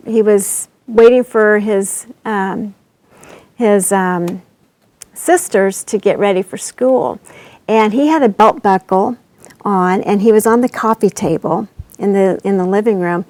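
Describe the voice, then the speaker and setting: A woman hosting a faith livestream, telling a personal story in an animated way and acting out the voices she quotes. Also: mid-range voice, no echo. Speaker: summit host.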